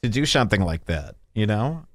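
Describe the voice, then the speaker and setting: A man hosting a comedy podcast, ranting in a mocking, sarcastic way and jumping into put-on high voices. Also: big pitch swings, fairly quick, no echo, studio quality. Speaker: podcast host. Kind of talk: provocative comedy podcast rant.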